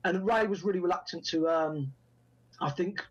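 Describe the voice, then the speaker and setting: A man's voice: high-pitched, moderate pace, husky, highs cut off. A man, telling stories from his acting career in an interview and acting out the lines people said to him. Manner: animated anecdotes, acts out quoted dialogue. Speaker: actor and writer guest. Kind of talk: storytelling in a podcast interview.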